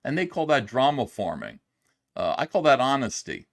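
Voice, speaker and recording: A man's voice: medium pitch, big pitch swings, moderate pace, gravelly. A middle-aged man streaming commentary, ranting with profanity and lots of fillers. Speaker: streamer reacting to a video. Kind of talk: casual livestream commentary.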